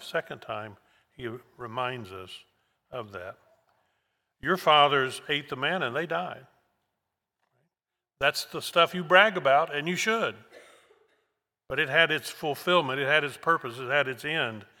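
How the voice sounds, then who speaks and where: A man preaching a sermon verse by verse, slow and emphatic, repeating key words for weight. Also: medium pitch, bright, forceful tone. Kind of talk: expository sermon. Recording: long hall reverb.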